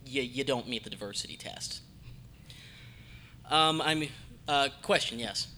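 A man from the United States moderating a fan panel discussion, speaking in a thoughtful, measured way and taking questions from the audience. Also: medium pitch, pushed and bright, slight background noise, rough recording.

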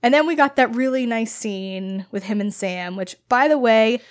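A woman with a slightly higher voice talks in a casual chat among friends. She is animated, laughs often and acts out what people said. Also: normal speed.

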